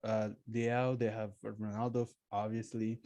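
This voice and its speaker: A man's voice: lowish voice, level tone, a little slow, dark tone, dry recording. Hesitant man chatting about football. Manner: hesitant, many fillers and restarts. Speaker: guest football fan. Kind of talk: casual chat.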